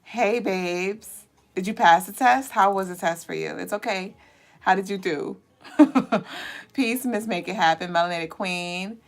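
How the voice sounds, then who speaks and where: Woman livestream host, mid-pitched, casual and profane, quick to laugh. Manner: chatty and animated, with frequent laughter; swears casually, with high squealing bursts. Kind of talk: casual livestream chat, reading viewer comments.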